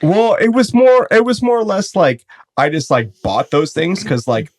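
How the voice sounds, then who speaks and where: A man's voice: sits high, very animated, moderate pace. A man, host of a casual podcast, telling a rambling, profane story. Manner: rambling, profane storytelling, often breaking into laughter.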